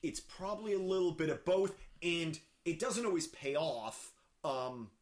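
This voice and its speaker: A man co-hosts a casual film chat, his voice riding a lively, rather high pitch. He talks in halting bursts, restarting sentences and leaning on fillers as he works his way to a point. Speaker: podcast co-host.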